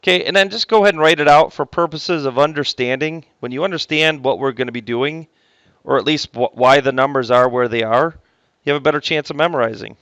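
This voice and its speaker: A man's voice: fairly high pitch, fast talker, a bit bright, clear, resonant tone, no echo. A man teaching math to a class, joking with the students and stopping often to correct himself. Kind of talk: classroom lecture.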